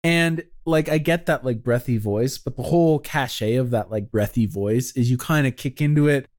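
A man's voice: medium pitch, moderate pace, a little mellow. Opinionated man swearing in casual chat. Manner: opinionated, swears freely, talks in long runs. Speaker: podcast co-host.

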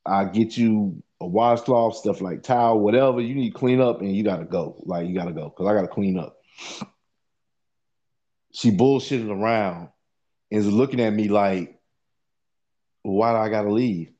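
A man's voice: fairly low pitch, normal speed, long pauses, mellow, lo-fi sound. A man telling a long profane story in a casual podcast chat, rambling and repeating "you know what I'm saying" as he goes.

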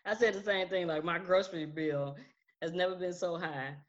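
A woman's voice: on the low side, steady tone, normal speed. A woman co-hosting a podcast, chatting casually and laughing often as she tells stories with quoted voices. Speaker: podcast co-host. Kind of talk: casual chat. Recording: slightly dull lo-fi sound.

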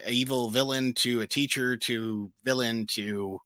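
A man co-hosting a casual pop-culture show, reading out news items in a relaxed, filler-heavy way. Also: medium pitch, normal speed, dry recording. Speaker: co-host. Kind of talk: casual chat about comic and pop news.

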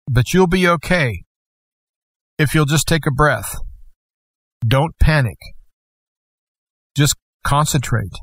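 A man as guest host, slowly and earnestly telling a personal story. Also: medium pitch, a bit bright, no echo. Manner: earnest, slow and measured storytelling. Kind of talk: personal testimony.

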